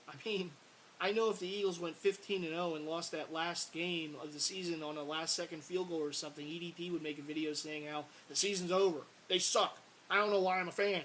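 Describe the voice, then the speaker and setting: Casting note: rambling, exasperated male fan vlogger, a touch high, faint hiss behind. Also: poor audio. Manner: frustrated, rambling, repeats words, bursts of exasperated shouting. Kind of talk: casual sports rant to camera.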